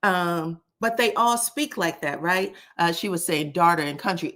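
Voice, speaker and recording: A woman's voice: on the low side, normal speed, hardly any pauses. Chatty woman talking to her live chat. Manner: animated, chatty, addresses the chat directly. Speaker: livestream commentator. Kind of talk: casual live-stream commentary.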